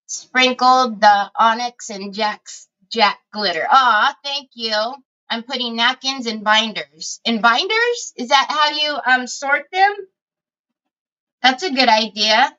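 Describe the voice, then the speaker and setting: A middle-aged woman from Northern California chats slowly and warmly at her craft desk during a livestream, greeting viewers one after another. Her bright, fairly high voice has turned squeaky and hoarse from a cold, and she keeps clearing her throat. The stream audio sounds dull and lo-fi. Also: animated.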